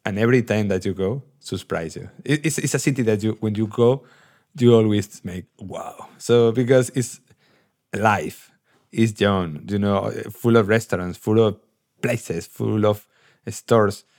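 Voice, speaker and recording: A man with a Spanish accent, co-hosting a podcast in casual chat, animated and laughing as he searches for his words. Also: fairly low pitch, unhurried. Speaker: podcast co-host.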